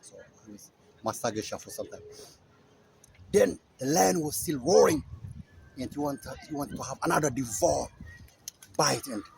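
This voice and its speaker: A man from Ethiopia tells a story in a lively voice that swings up and down, rambling and often tacking on "my friend." He is recorded outdoors in a park, with steady background noise under his voice. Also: medium pitch, normal speed, gravelly, long pauses. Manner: rambling, keeps adding "my friend" and "okay?". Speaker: vlogger. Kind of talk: casual storytelling. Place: outdoors in a park feeding doves.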